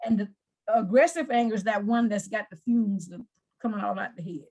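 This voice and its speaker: A woman's voice: medium pitch, a little fast, warm tone. A woman anger management coach in an interview, explaining earnestly with examples and often repeating words.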